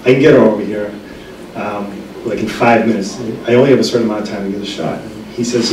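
Chatty middle-aged pharmacist lecturing in echoey room. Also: male voice, medium pitch, fairly quick, warm tone, a little hiss or hum. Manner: chatty storyteller with frequent restarts and ums. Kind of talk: humorous anecdotal lecture. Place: library meeting room. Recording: echoey room, distant mic.

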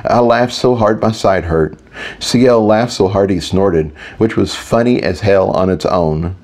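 Guy reading a fantasy audiobook, lowish and mellow, steady. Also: unhurried. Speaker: audiobook narrator. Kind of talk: first-person fantasy narration.

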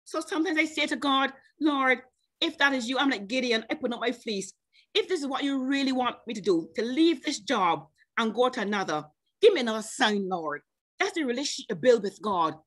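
A woman preaching a sermon at a church service, speaking personally to members of the congregation and stretching out slow scripture quotes between bursts of emphasis. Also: a little high, animated, fairly bright tone. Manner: chatty, personal asides to named congregation members. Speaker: guest preacher.

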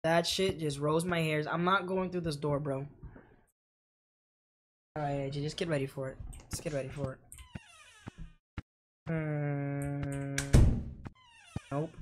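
A woman's voice: deep voice, fairly even intonation, slow pace, pauses often, noisy background. A woman narrating her own horror game playthrough with profane, jokey, dramatic commentary. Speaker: gaming YouTuber. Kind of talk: horror game let's play.

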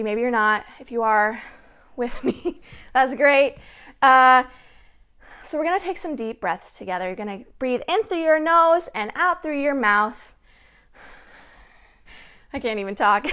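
A woman leading a children's story time and wiggle warm-up at home, upbeat and chatty, talking straight to the kids. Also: high voice. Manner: upbeat, playful, chatty, addresses kids directly. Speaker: family educator hosting story time. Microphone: own mic with a close camera.

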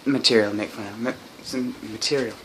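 Man, casual vlog, rambling, self-mocking, mumbled asides, bright tone, faint background hiss. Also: fairly low pitch, steady tone, a little fast. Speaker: vlogger. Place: at home making coffee.

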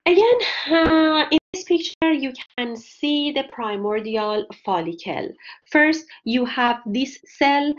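Slow, deliberate woman lecturing on a dull recording. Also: high-pitched, lively intonation. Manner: slow and deliberate, with frequent pauses and fillers. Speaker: anatomy lecturer. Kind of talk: recorded lecture over slides.

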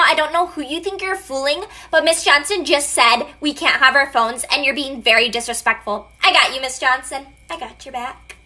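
A woman's voice: very high voice, pushed and bright, full character voice. A woman playing a smug teacher's pet. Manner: sweetly smug, tattling. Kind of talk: comedy sketch acting.

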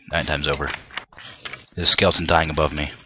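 A man's voice: rumbling low, little pitch movement, measured pace, pushed and bright, a little hiss or hum. A young man commenting on his own gameplay, often frustrated and ranting at the game with mild swearing. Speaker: gameplay video creator.

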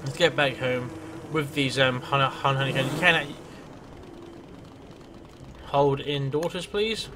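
A man's voice: mid-range voice, little pitch movement, slow, long pauses, noisy background. Rambling, swearing man gaming. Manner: rambling, swears freely, talks to himself. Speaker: let's play host. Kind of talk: casual gameplay commentary.

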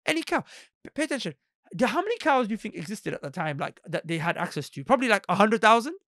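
A man's voice: high voice, fast, no echo, studio quality. A man giving a Quran lesson, acting out quoted voices and asking his listeners questions. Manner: animated, acts out quoted voices; asks the listeners rhetorical questions. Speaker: Islamic teacher.

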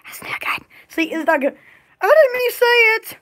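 A woman's voice: extremely high pitch, sing-song, normal speed. A woman chatting casually on a live store video, giggly and silly, drawing out words playfully. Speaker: store vlogger.

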